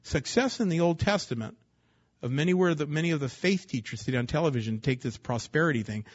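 A pastor delivering a sermon to his congregation, preaching emphatically and swinging between loud, driven phrases and hushed, low ones. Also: lively intonation, quick pace, highs cut off. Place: before a congregation.

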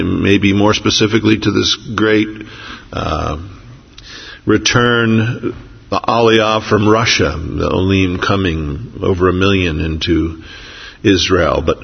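Pastor guy preaching, low husky voice, slow w lots of uhs, muffled churchy echo. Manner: unhurried, pausing with fillers, reads scripture slowly. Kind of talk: sermon.

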